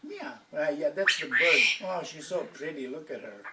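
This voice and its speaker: A woman's voice: low voice, animated, normal speed. A woman talking to her pet parrot in a sing-song baby-talk voice in a home video. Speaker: pet owner. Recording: distant home camera with loud background noise.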